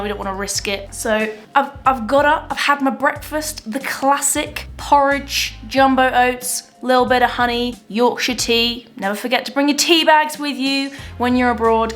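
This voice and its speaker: A young woman with a fairly high voice talks straight into a camera she holds herself, chatty and full of self-mocking jokes. Soft music plays faintly underneath her casual vlog chat. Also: steady tone, moderate pace. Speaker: marathon runner vlogger. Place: indoors at a mountain training base. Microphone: handheld camera mic.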